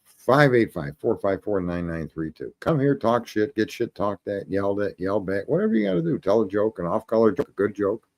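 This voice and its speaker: A man's voice: on the low side, very animated, fairly quick, darkish tone. A man hosting a call-in livestream, telling stories in a rambling, profane, casual way and laughing at his own jokes. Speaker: call-in show host.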